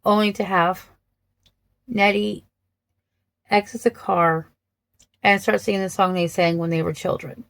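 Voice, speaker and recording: A woman talking casually about two film versions of a story, thoughtful and hesitant with many pauses and restarts. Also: mid-range voice, fairly even intonation, creaky, fairly bright tone, no room sound. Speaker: vlogger reviewing films.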